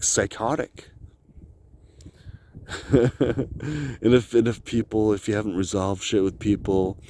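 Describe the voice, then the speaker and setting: A man's voice: lowish voice, a little mellow, a little hiss or hum. A man talking to camera outdoors in a loose, drifting monologue, swearing often and laughing between thoughts. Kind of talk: rambling solo vlog monologue. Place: outdoors on icy cliff edge.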